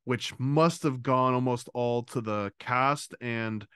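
A man's voice: medium pitch, slow, fairly bright tone, smooth, no room sound, studio quality. A man co-hosting a podcast in casual chat, enthusiastic and talkative with many fillers. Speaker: podcast co-host.

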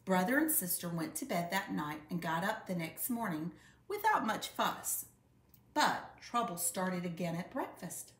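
A woman reading a children's picture book aloud with expressive, unhurried storytelling. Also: on the low side, slight background noise. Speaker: storybook reader. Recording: roomy echo.

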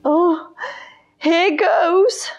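A woman's voice: high-pitched, huge pitch swings, takes it slowly, pitched above the performer's own voice, full character voice. A woman voicing a young boy who earnestly keeps telling a lion it is bedtime. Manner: earnest, increasingly exasperated. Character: young boy trying to get a lion to bed.

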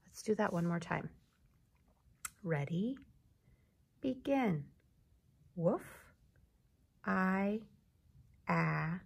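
A woman's voice: on the low side, expressive, slow, creaky, long pauses, a little mellow, husky. A woman teacher leading an early reading lesson, patient and sounding out words step by step.

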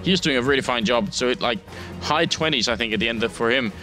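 A man commentating a competitive shooter match, chatty and relaxed. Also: mid-range voice, fast talker, faint music behind. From Denmark. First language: Danish. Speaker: esports caster. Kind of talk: play-by-play commentary.

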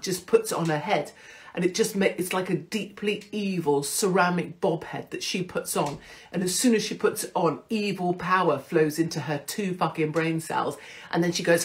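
A middle-aged British woman hosting her own show, talking in a brash, self-mocking monologue full of swearing. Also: lowish voice. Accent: British English. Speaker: host. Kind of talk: casual monologue.

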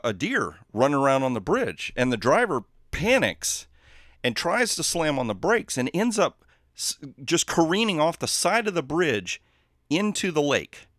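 A man hosting a livestream, telling a joke and chatting casually in a relaxed, rambling way. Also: medium pitch, dry recording, clean studio sound. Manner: relaxed, rambling, chuckling asides. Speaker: livestream host.

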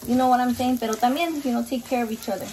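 A high-voiced Mexican-American woman talks in a chatty, foul-mouthed, rambling way as she cooks. She sits a little back from the mic in a home kitchen, with a faint hiss behind her. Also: rapid-fire, dark tone. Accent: Mexican-American, mixing in Spanish. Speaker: cooking vlogger. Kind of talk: casual cooking vlog chat. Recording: slightly distant mic, faint background noise.

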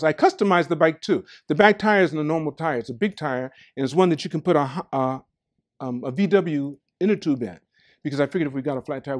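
An older man from the United States tells stories to a room of staff. His pitch rises and falls a lot. He drops to quiet asides, then breaks into loud bursts with frequent laughs. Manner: lively, swings from quiet asides to loud outbursts, laughs often. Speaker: company staff talk speaker. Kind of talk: animated storytelling talk.

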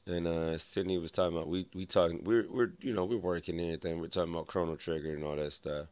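A man's voice: low voice, fairly even intonation, fast talker, darkish tone, no room sound. A young man vlogging, telling a rambling personal story full of restarts and acted-out dialogue. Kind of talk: casual storytelling to camera.

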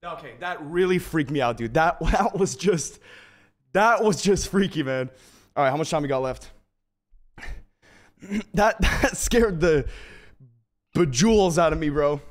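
Excitable slangy young man streaming. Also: a little high, normal speed, long pauses. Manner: excitable, slangy, addresses viewers as bro and man. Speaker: gaming livestreamer. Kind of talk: casual livestream chat. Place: home.

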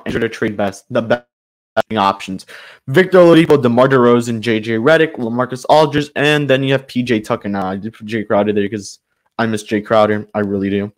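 A man's voice: mid-range voice, a little fast. A man hosting his own sports channel, giving a frustrated, loosely improvised commentary rant full of restarts.

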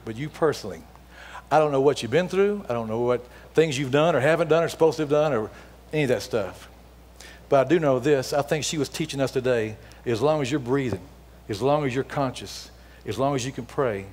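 A middle-aged male guest preacher telling a story from the pulpit, with a voice of middling pitch. He acts out the dialogue with lively energy, then drops into a hushed, earnest appeal. His voice rings with long reverb in a church sanctuary. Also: breathy edge. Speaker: guest speaker. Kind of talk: storytelling sermon.

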